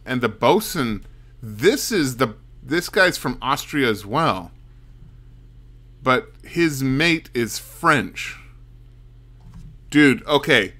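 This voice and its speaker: Bright-voiced male game streamer. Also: mid-range voice. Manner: thinking aloud, muttering while puzzling. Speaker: streamer playing a mystery game. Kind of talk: casual let's-play commentary.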